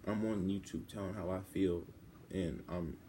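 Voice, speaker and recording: In this personal vlog, a teenage boy's voice is low and dark with fairly even intonation. He halts, rambles, and keeps restarting, sounding almost tearful, while faint background noise runs beneath him.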